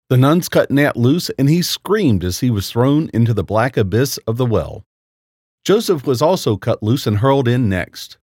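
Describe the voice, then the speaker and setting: A man narrating a first-person horror story in a lively, expressive storytelling voice. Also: mid-range voice, no echo, clean studio sound. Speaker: story reader.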